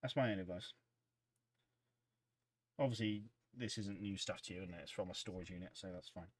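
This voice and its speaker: Low-voiced, easygoing man chatting. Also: fairly quick, breathy edge, no echo. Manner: rambling and easygoing, reading chat aloud. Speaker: livestream host. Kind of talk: casual livestream chat.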